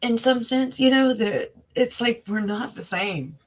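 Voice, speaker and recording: A woman who is a family member of the victims speaks as a guest in a casual conversational interview over a video call. She's emotional and earnest, rambling with many fillers and restarts, in a voice on the high side at a measured pace, with poor audio.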